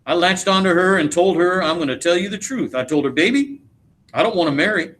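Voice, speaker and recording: A man's voice: high voice, animated, brisk, a bit bright. A teacher reading aloud as a boastful, teasing middle-aged man who drawls through his stories. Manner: swaggering, teasing, drawling speech. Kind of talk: dramatic read-aloud of a play.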